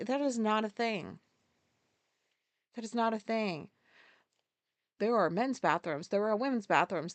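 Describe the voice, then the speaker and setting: A woman's voice: medium pitch, no room sound. A woman hosting a podcast, speaking as a casual solo monologue with profane, exasperated ranting. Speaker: podcast host.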